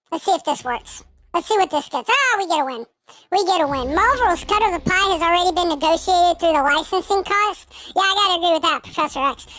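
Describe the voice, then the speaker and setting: A man streaming a card game with his voice run through a pitched-up baby voice filter, chatting and thinking aloud to his chat. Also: pushed and bright, no echo, heavily acted.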